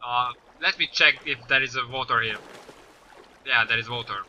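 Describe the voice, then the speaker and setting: A man doing let's-play commentary, swearing often and yelling at the game. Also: mid-range voice, normal speed. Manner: swears a lot, yells at the game. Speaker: gaming YouTuber. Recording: slightly dull lo-fi mic with faint noise.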